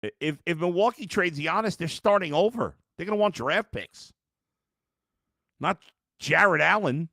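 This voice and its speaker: A man with a high-pitched, gravelly voice that sounds pushed and bright talks animatedly at a moderate pace, leaving long pauses, in clean studio sound without echo. On his live-streamed sports reaction podcast he's worn out and frustrated, reading fan comments and responding bluntly with some cursing.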